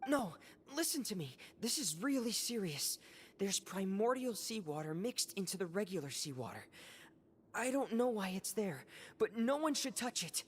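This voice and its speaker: A man voicing a weak, recovering young man in a game cutscene, talking haltingly in a hushed, strained whisper. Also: sits high, sing-song, a little hiss or hum. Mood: urgent. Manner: halting, with hesitant fillers. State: weak from injury.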